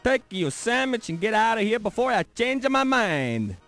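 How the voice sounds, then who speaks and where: A man's voice: extremely high pitch, sing-song, moderate pace, a bit bright, heavily acted. A grumpy Italian sandwich vendor from a 1990s adventure game, hawking his wares in broken grammar with a thick accent. His voice swoops widely up and down, with faint music underneath. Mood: grumbling. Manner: pushy hawking sales patter. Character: pushy, grumpy male street sandwich vendor.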